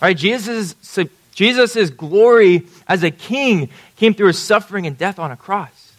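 A man's voice: high-pitched, normal speed. A man preaching a sermon, talking conversationally and checking in with his listeners. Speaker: pastor.

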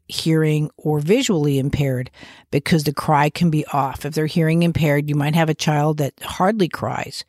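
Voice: mid-range voice, no echo, studio quality. Chatty podcast host explaining baby development. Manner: conversational, often restarts and uses fillers; gives warm, reassuring asides. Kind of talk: casual explanatory podcast talk.

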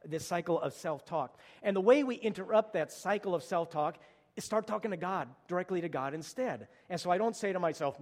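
A man's voice: high-pitched, a little fast, darkish tone, big-room sound. A middle-aged male pastor preaching a sermon, telling stories conversationally and rising to urgent exhortation.

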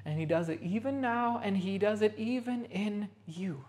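A woman pastor delivering a Sunday sermon in a rehearsal hall, repeating phrases and slowing down to stress key lines. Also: medium pitch, a little mellow. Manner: emphatic repetition, slowing for stress.

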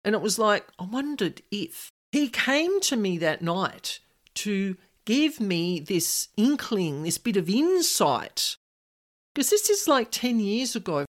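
A woman's voice: medium pitch, slow. Chatty woman telling a story. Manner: chatty and animated, quotes voices. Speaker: podcast host. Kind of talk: personal storytelling.

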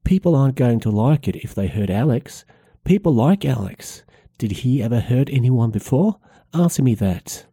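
A man's voice: sing-song, warm tone, husky, no room sound, clean studio sound, heavily acted. A man reading aloud, voicing a stubborn, indignant middle-aged village woman in a raised voice. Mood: angry. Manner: raised pitch, drawn-out protesting delivery. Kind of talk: read-aloud novel passage.

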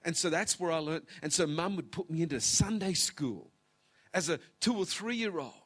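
Emotional husky man preaching in his fifties. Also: a little high, animated, a bit bright. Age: 50s. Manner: emotional, tearful preaching with dramatic pauses and whispers. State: close to tears. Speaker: pastor. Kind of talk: sermon. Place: large auditorium.

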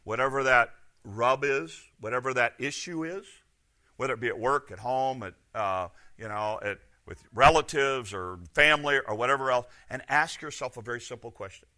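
Bright-voiced preaching man. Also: medium pitch, moderate pace. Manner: animated, rhetorical questions, swings between loud and soft. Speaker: pastor. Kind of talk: sermon.

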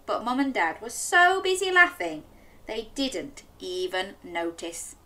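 Children's storyteller, woman; slow, animated, bright sing-song read-aloud. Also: a little high. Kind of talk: interactive story reading for children.

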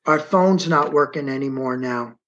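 Interviewed as an eyewitness, a man recounts what happened in vivid first person, leaning hard on certain words and stopping now and then to tell someone how to shift a map on screen. His voice sits mid-range and sounds a little bright, though the top end is cut off.

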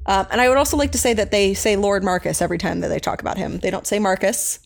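A woman's voice: medium pitch, animated, fast talker, gravelly. A young woman co-hosting a podcast, chatting casually and rambling with lots of fillers as she recaps an episode. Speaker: podcast co-host.

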